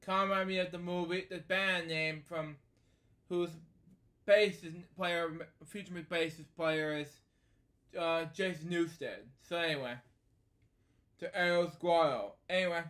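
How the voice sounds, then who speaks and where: A man reads a children's storybook aloud, often breaking off for rambling asides. His voice sits somewhat high, and his delivery is loose and unscripted. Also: measured pace, fairly bright tone. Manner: rambling asides, many fillers like "anyway" and "so there you go". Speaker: storybook reader and host. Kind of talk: casual storybook read-aloud with commentary.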